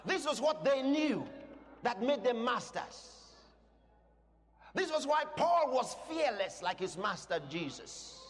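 High-voiced emphatic preacher in a hall. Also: male voice, very animated, takes it slowly. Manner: emphatic, swings from quiet teaching to shouted declarations. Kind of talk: sermon. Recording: long hall reverb.

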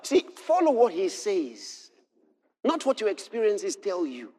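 A man preaching a sermon, telling a personal story and reading scripture, building to impassioned shouts. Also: high voice, wildly swooping pitch, measured pace, a little hiss or hum.

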